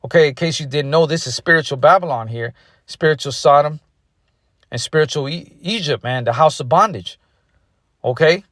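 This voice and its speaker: A man's voice: fairly high pitch, normal speed, long pauses, fairly bright tone, dry recording, studio quality. A man preaching an angry, profane sermon, aggressive, ending nearly every phrase with "man". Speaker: street preacher.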